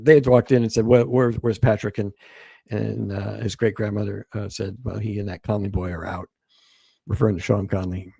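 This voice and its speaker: A man recounting events as a guest, halting and repeating words as he quotes what others told him. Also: lowish voice, creaky, mellow, no echo. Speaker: guest author. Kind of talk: storytelling interview.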